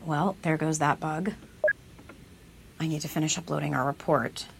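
An actress playing a brisk, businesslike federal agent. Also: female voice, low voice, fairly even intonation, gravelly, heavy background noise.

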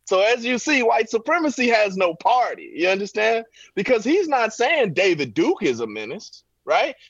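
High-voiced guy ranting politics emphatically on a video call, dry muffled sound. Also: no echo. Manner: emphatic, preacherly, rhetorical "right?" tags. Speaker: political commentator guest. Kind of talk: impassioned political commentary. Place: home, backyard visible.

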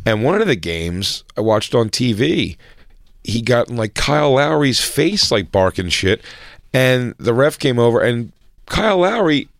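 A man in loose comic banter, rambling and profane, now and then slipping into mock voices of the people he describes. His voice sits at an ordinary male pitch. The sound is dry and close. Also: lively intonation, unhurried, creaky, no room sound. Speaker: podcast co-host. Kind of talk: casual comedic chat.

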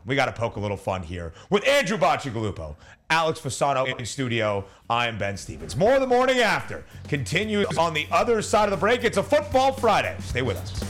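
Lively-voiced male radio host. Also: on the high side. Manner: brisk, teasing. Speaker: sports betting radio host. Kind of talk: upbeat radio show hosting.

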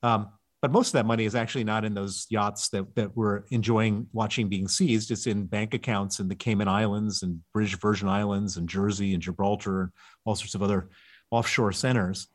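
A man's voice: lowish voice, steady tone, a little fast. A man speaking as an author guest in an interview, explaining emphatically and stressing key words. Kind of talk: interview answers.

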